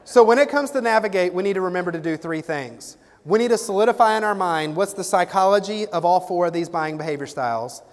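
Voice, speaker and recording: A man giving a keynote sales talk, animated storytelling that acts out the dialogue. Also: high voice, fast talker, few pauses. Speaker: keynote speaker and sales trainer. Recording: reverberant hall.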